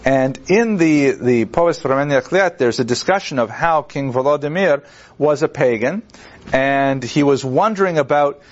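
Male lecturer, chatty and digressive, mid-pitched, lo-fi classroom tape. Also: expressive, moderate pace. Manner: digressive, conversational, with many fillers and restarts; acts out quoted figures with wry humor. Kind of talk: university lecture.

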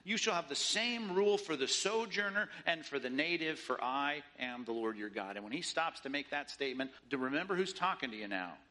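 Man, sermon, emphatic, rhetorical, bright ringing tone. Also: a little high, expressive, a little fast, few pauses. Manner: emphatic, rhetorical, mimics opposing views in quoted voices. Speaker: pastor.

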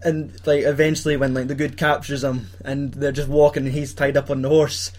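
A man's voice: medium pitch, flat delivery, brisk, darkish tone. A young Scottish man chatting casually about films, swearing and laughing often as he acts out scenes. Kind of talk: casual film chat.

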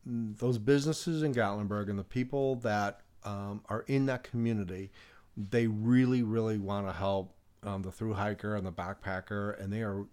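A man's voice: lowish voice, a little mellow. Chatty man telling a rambling story. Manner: rambling, many restarts and 'you know'; laughs while telling. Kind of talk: casual storytelling.

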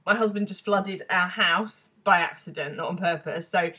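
A woman's voice: lowish voice, normal speed, pushed and bright, husky. A woman co-hosting a podcast, chatting casually with a wry, teasing manner. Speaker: podcast co-host. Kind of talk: casual chat.

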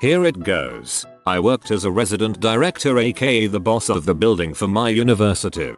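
A man's voice: lowish voice, sing-song, brisk. A man reading forum stories aloud as a narrator, adding his own short asides. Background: faint background music.

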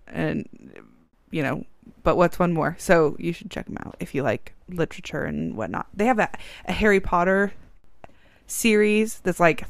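A woman's voice: on the low side, vocal fry, no room sound. A woman co-hosting a podcast in casual chat, chatty and teasing. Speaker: podcast co-host.

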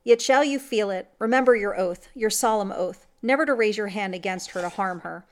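A woman voicing a vengeful hunter who mocks and threatens loudly in a storybook reading. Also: mid-range voice, brisk, natural voice. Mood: menacing. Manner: loud, scornful threats. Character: vengeful hunter, grown man, menacing.

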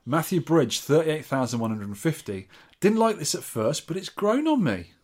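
A man's voice: fairly high pitch, sing-song, normal speed, a little mellow. Dry-witted man hosting a retro podcast. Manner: reads out listener scores with dry quips. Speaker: podcast host. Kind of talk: casual podcast chat.

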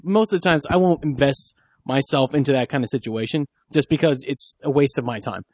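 A man's voice: mid-range voice, fairly quick, a little mellow, no room sound, clean studio sound. A man co-hosting a podcast in casual chat, blunt and swearing freely as he acts out run-ins at bars. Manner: blunt and profane, acts out confrontations. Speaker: podcast co-host.

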